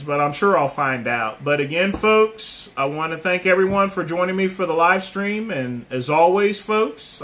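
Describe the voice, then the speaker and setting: A middle-aged man hosting a casual livestream, answering viewers' comments by name and pausing often on fillers. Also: fairly high pitch, sharp tone. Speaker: livestream host.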